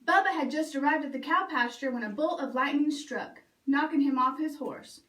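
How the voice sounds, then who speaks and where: A woman librarian reading a picture book aloud for children in a lively, expressive way. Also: high voice, normal speed, far from the mic. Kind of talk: storytime read-aloud. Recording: roomy echo, away from mic.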